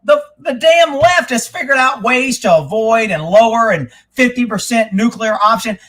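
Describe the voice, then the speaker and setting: Fired-up high-voiced man ranting. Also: lively intonation, moderate pace. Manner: fired-up, swearing, shouts when worked up. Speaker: livestream host. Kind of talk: ranting political talk.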